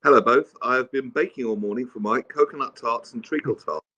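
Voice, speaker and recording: A man co-hosting a radio show in casual chat, giving dry, deadpan replies. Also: mid-range voice, fairly quick, muffled recording. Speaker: radio co-host.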